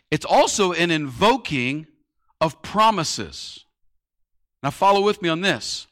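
A man's voice: fairly high pitch, sharp tone. A man preaching a sermon in a conversational way, using everyday analogies and rhetorical questions. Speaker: pastor.

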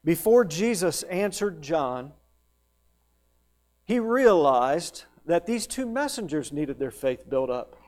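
A man preaching a sermon, emphatic, rising to loud peaks and dropping to hushed questions. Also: on the high side, big pitch swings. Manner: slow, drawn-out delivery on lists.

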